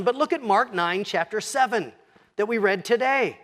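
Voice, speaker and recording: A man preaching a sermon as pastor, slowing down and dropping to a hush when quoting scripture. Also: high-pitched. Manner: expressive, slows and drops to a hush for quoted scripture.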